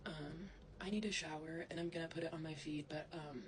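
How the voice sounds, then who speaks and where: Lower-voiced woman on a profane, heated rant. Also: fairly even intonation, a little fast, background noise. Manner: heated, profane, accusatory, addresses someone directly. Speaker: vlogger. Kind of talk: angry direct-to-camera rant.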